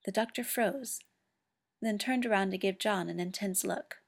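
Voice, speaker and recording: A woman narrating a story in a steady, expressive reading voice. Her pitch sits in an ordinary middle range, and she keeps the story moving evenly. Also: normal speed, gravelly. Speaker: reader. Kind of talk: audiobook narration.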